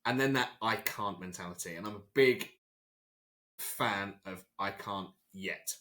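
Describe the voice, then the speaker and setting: Bright-voiced male podcast host. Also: fairly low pitch, measured pace. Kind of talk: interview questions.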